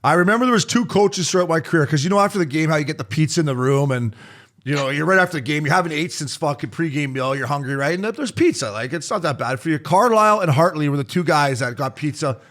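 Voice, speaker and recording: A man's voice: on the high side, expressive, fast talker, a bit bright. A man, a former hockey player and podcast host, bantering casually with a lot of swearing. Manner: profane, joking banter. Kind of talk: casual chat.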